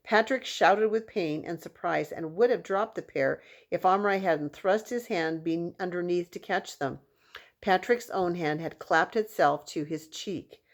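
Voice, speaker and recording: A woman reading a children's novel aloud with expressive storytelling. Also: on the low side, unhurried. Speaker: reader.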